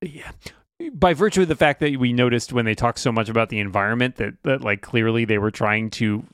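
A man's voice: mid-range voice, a little fast, fairly bright tone, no room sound, studio quality. A man co-hosting a podcast, chatting casually and jokingly about tech, often correcting himself mid-sentence. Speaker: podcast co-host. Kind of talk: casual chat.

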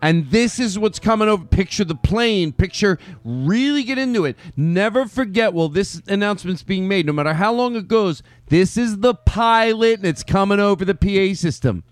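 A man's voice: high voice, expressive, normal speed, few pauses, no echo, soft background music. A man in casual comedic chat, asking questions and setting up improv bits. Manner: inquisitive, sets up bits.

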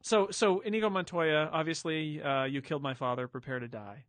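A man's voice: on the high side, fairly quick, a bit bright, dry recording. A man hosting a podcast discussion, rambling casually with restarts and fillers. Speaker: podcast host. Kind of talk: casual chat.

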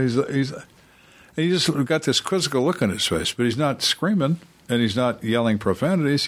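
A man's voice: mid-range voice, expressive, a little fast, breathy edge. A middle-aged man, a former police interrogator, tells stories in a casual interview and acts out the people in them.

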